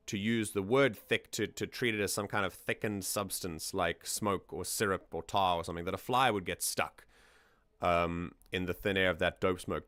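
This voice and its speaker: Clear, low-voiced man musing on lyrics. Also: fairly bright tone, no room sound, studio quality. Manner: musing, thinks aloud with restarts. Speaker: stream host. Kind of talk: casual lyric analysis on a livestream.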